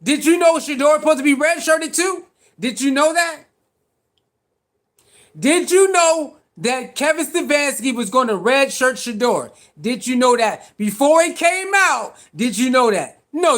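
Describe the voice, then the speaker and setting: A man with an unusually high voice hosts a live sports talk stream and argues straight at his chat. His speech is casual and slangy, and he keeps pressing the same pointed questions over and over. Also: a bit bright. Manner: argumentative, repeats pointed rhetorical questions. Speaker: sports talk show host.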